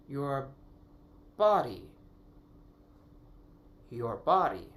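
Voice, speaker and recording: A man's voice: medium pitch, unhurried, vocal fry, slight background noise. A man hosting his own podcast, thinking aloud in a casual, rambling way, correcting himself as he goes and swearing now and then. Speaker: podcast host. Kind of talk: casual solo podcast musing.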